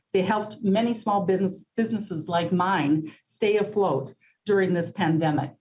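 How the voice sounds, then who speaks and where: A woman, a company CEO, giving prepared, earnest testimony to a legislative committee at a measured pace, with occasional ums. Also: on the low side, a little mellow, highs cut off.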